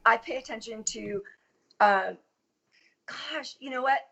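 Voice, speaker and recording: A middle-aged woman from Massachusetts, a guest on a casual podcast, talking in a chatty, animated way and swearing casually. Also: on the high side, slow pace, vocal fry, husky, lo-fi sound. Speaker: guest, actress. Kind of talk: casual chat. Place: Los Angeles.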